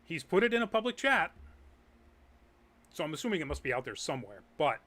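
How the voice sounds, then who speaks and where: A man's voice: on the high side, very animated, brisk, bright, forceful tone. A man hosting a live nerd news show, chatting casually with many ums and uhs as he reads news and viewer comments. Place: Massachusetts.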